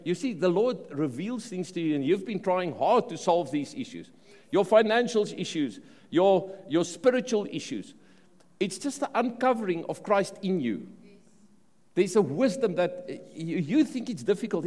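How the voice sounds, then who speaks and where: South African male preacher, fairly high voice, lively swooping delivery, sermon in a big echoing hall. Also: normal speed. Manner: animated preaching, repeats words and restarts phrases. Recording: long reverb of a large hall.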